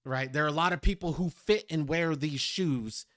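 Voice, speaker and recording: A man's voice: a little high, moderate pace, fairly bright tone, dry recording, studio quality. A man hosting a music reaction video, talking reflectively and directly to his viewers. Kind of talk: casual reaction commentary.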